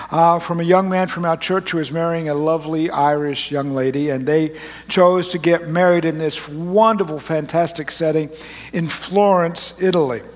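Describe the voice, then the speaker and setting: A man preaching to his congregation, telling a rambling personal story in a folksy, joking way with frequent restarts. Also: fairly high pitch. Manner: folksy, rambling, self-interrupting. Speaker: pastor. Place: large church auditorium. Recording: long reverb of a large hall.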